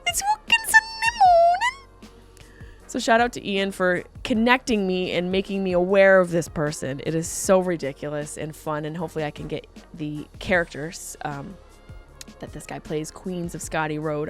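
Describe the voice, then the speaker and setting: A woman comedian hosting her podcast, talking casually and jumping into high, loud exclaims. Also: normal speed, soft background music. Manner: animated, jumps into high exclaims.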